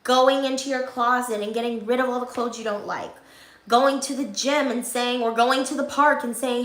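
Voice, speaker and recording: A woman's voice: on the high side, fairly even intonation, moderate pace, reverberant. A young woman vlogger talking to her viewers in an upbeat, encouraging, preachy way. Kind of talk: motivational vlog talk.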